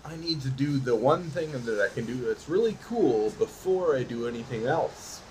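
A man's voice: medium pitch, moderate pace, a little hiss or hum, poor audio. A man playing a tabletop game, talking casually and laughing often. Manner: lively, laughing, joking. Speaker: player.

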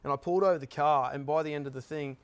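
Guy, slightly high, earnest rambling storyteller for a panel chat. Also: fairly even intonation, rapid-fire, clear, resonant tone. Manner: earnest, rambling with many restarts. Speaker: panel guest. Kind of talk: heartfelt personal story in a group chat.

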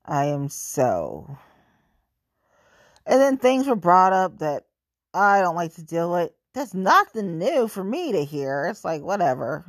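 A woman's voice: lowish voice, no room sound, studio quality. A woman venting in a profane, exasperated monologue.

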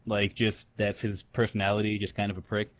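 A man's voice: lowish voice, level tone, fairly quick. A young man co-hosting a podcast, telling a rambling story full of swearing in casual chat. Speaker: podcast co-host.

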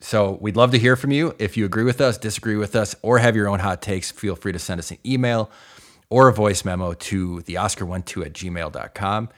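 Man, deep voice, podcast co-host, casual wry chat. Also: brisk. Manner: wry, joking, reads the sign-off.

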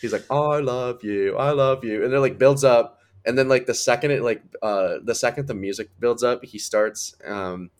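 A man co-hosting a podcast in casual chat, rambling excitedly and filling his talk with "like". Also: mid-range voice, normal speed, few pauses. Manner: rambling, heavy use of "like", excitable. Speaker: podcast co-host.

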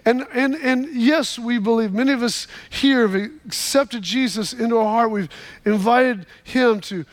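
A man with a high voice preaches to his congregation. He tells a story in a loose way, restarting his words and asking people to say amen. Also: unhurried. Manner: storytelling, repeats words in restarts, calls for amens. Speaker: pastor. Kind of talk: sermon.

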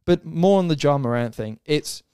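A man's voice: on the high side, expressive, moderate pace, dark tone, clear, resonant tone, no room sound, studio quality. A man co-hosting a sports podcast, ranting and swearing with exasperation. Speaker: podcast co-host. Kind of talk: casual sports podcast chat.

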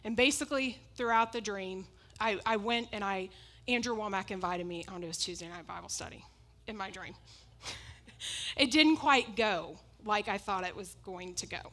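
A woman's voice: mid-range voice, moderate pace, fairly bright tone. A woman preaching a sermon, emphatic and repetitive, often breaking into laughs as she makes her points.

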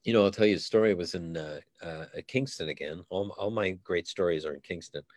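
A man's voice: low-pitched, fairly quick, a little mellow, dry recording, studio quality. A middle-aged man, a comedian from Canada, chatting in an interview and telling rambling stories with many restarts. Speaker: comedian guest. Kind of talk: casual interview chat.

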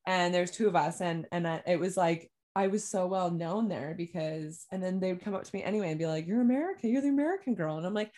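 A woman's voice: fairly low pitch, steady tone, fairly quick, few pauses, a little mellow. A woman from Canada in her thirties, telling a story in casual chat, brash and swearing freely.

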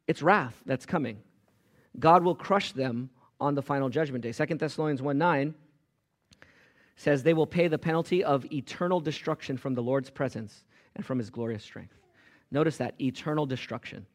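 Male pastor, emphatic sermon delivery with sharp swings between loud and hushed lines, voice sitting a bit high. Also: brisk. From Los Angeles area. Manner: emphatic preaching with sudden loud rises and quiet drops.

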